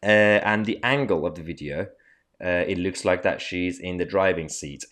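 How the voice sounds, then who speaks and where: A man's voice: low-pitched, moderate pace, fairly bright tone. A man hosting a political commentary show, talking casually to his viewers in a sarcastic, mocking way with plenty of fillers.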